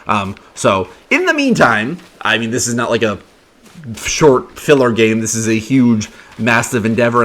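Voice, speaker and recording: A man's voice: mid-range voice, a bit bright. A man hosting a video game let's play, chatting casually and rambling with fillers as he plays. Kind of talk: casual gameplay commentary.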